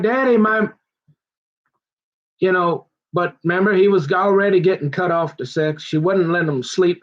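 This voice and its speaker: A middle-aged man chatting away in a loose, digressive ramble full of folksy phrasing. His voice sits a little higher than most men's. The recording is dull and lo-fi. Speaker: vlogger. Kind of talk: rambling casual chat.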